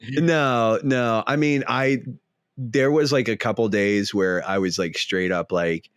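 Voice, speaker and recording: Laid-back low-voiced young man. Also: fairly even intonation, slow pace, clear, resonant tone, no room sound, clean studio sound. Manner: laid-back, many "like" and "um" fillers, gamer slang. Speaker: podcast co-host. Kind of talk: casual podcast chat.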